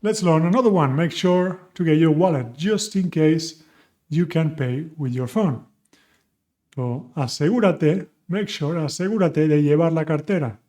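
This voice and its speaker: A young man teaching a language lesson, playful and slowing down carefully to model each phrase. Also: a little high, mellow. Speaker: Spanish teacher.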